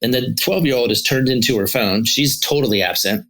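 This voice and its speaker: A therapist and podcast co-host tells stories in a loose, rambling way, restarting often and leaning on fillers. His voice is medium-pitched, brisk and a little bright, and the audio quality is poor.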